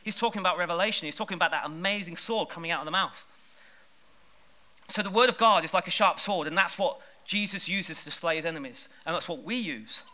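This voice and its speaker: A man preaching a sermon in church, lively and conversational, pushing hard on key words. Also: sits high, brisk. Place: church service.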